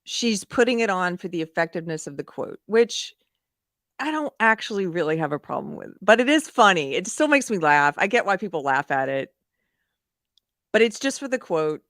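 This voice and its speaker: Woman, livestream host, casual chatty talk, lowish voice, dry close mic. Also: big pitch swings, normal speed, fairly bright tone, no room sound. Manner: chatty, laughs often, reads chat aloud. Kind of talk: casual live commentary.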